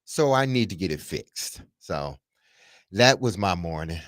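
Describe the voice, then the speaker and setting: Man, middle-aged, radio host, animated storytelling, swooping pitch, dry close mic. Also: measured pace, dry recording. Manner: animated, laughing, dramatic retelling. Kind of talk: casual storytelling on sports radio.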